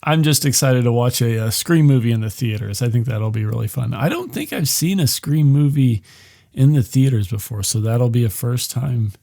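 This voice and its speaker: A man's voice: mid-range voice, animated, moderate pace, gravelly, mellow, a faint crowd. Profane rambling male podcast host. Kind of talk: casual movie review monologue.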